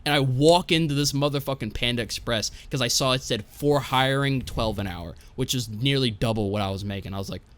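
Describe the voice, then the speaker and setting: Young male podcast guest, casual storyteller, foul-mouthed and rambling, mid-pitched everyday voice. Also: fairly quick, hardly any pauses. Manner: profane, rambling, tags lines with "right?".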